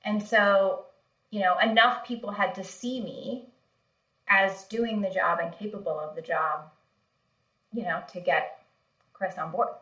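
A woman marketing executive recounts her career as an interview guest, her voice bright and forward. She tells her stories animatedly, with many fillers and frequent laughter. The sound has a roomy echo. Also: mid-range voice, steady tone, measured pace, long pauses. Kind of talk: casual interview storytelling.

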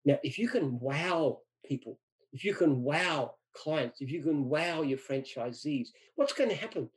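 The audio is poor as a franchise founder, a middle-aged Australian with a higher-pitched voice, responds to interview questions with anecdotes. He speaks emphatically and repeats words whenever he restarts a sentence.

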